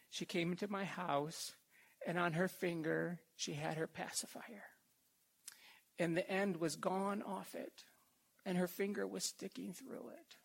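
An older man preaching a sermon and reading scripture slowly and haltingly, with emotion and soft whispered stretches. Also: high voice, steady tone, vocal fry.

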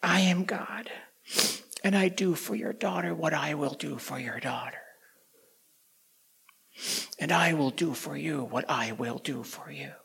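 A man voicing God as a calm, firm male divine voice, speaking slowly and quietly in a gravelly, husky tone. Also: fairly high pitch, voice pushed down, heavily acted. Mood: stern.

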